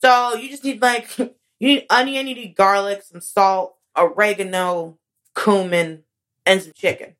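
A woman comedian chatting casually as a guest, an animated storyteller whose voice swoops high when she acts out moments. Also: measured pace. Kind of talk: casual interview chat.

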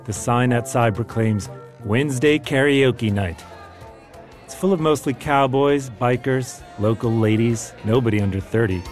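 A man's voice: medium pitch, a little slow, a little mellow, soft background music. A man reading aloud from his own memoir in a wry, self-deprecating storytelling manner.

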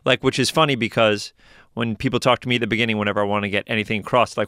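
Fast-talking man. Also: medium pitch, smooth, no room sound, studio quality. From New York. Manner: fast-talking, animated storyteller. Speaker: voice actor guest. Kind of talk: casual interview talk.

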